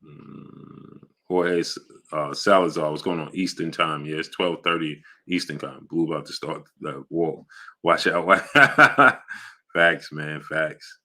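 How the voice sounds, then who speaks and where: A man with a deep voice hosts a casual live stream, unhurried and fairly even in intonation, yet bright and punchy in tone. He shouts out viewers by name, reads their comments aloud, and keeps urging everyone to hit the like button.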